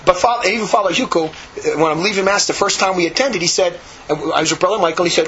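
A man in a religious order tells a long, meandering story, jumping in pitch whenever he gets worked up. His voice sits somewhat high for a man. The recording is dull and lo-fi, with a faint hiss underneath. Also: fast talker. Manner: animated, rambling, acts out quotes. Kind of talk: conversational storytelling.

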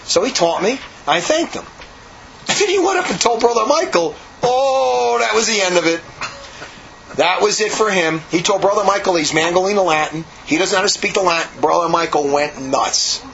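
A man's voice: high-pitched, lively intonation, normal speed, gravelly, fairly bright tone, highs cut off, a little hiss or hum. A man, a monk, telling a rambling story in a casual way, with frequent repeats and restarts. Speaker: monk recounting monastery life.

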